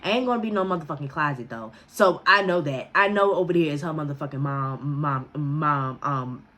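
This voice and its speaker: A young woman spins a casual storytime for her viewers in an unfiltered, profane voice. She is animated and keeps cracking herself up as she goes. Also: low-pitched, moderate pace. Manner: profane, animated, breaks into laughter. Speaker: vlogger.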